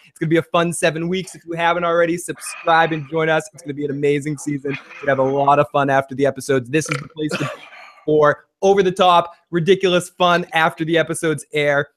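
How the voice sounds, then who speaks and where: A man's voice: fairly high pitch, a little hiss or hum. Profane, hyped-up male stream host. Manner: profane hype-man delivery. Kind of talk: live-stream podcast hosting.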